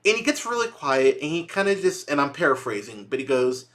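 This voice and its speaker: A young man hosts his own movie review podcast alone in casual, unscripted talk. His voice is bright and forward, and he rambles through the points with frequent restarts and plenty of cursing. He sounds exasperated, with a joking edge. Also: on the high side, sing-song, a little fast.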